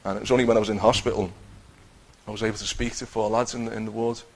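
A man's voice: fairly low pitch, level tone, fast, creaky, low-quality recording. A man telling a personal faith testimony in a conversational way, acting out what he and others said. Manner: conversational, acts out his own quotes, many restarts.

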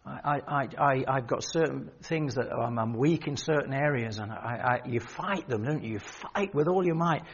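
A man's voice: medium pitch, normal speed, few pauses, slightly rough, muffled recording. An older man preaching an earnest, pleading sermon that rises to emphatic outbursts. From England.

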